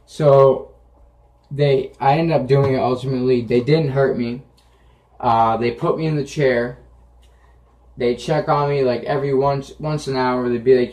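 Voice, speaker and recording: Young male vlogger, matter-of-fact storyteller, swears freely; average pitch, recorded in an echoey room. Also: fairly even intonation, moderate pace, darkish tone. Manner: blunt, profane, matter-of-fact. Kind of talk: casual storytelling.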